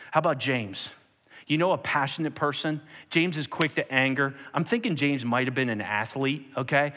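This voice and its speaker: A man preaching a sermon in an animated way, jumping into sudden high-pitched bursts when he acts out quotes. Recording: long hall reverb.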